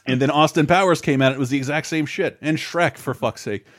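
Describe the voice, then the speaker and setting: Rambling, swearing podcast host. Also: male voice, on the high side, a little fast, fairly bright tone, dry recording, studio quality. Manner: rambling, swearing, lots of restarts. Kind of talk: casual chat.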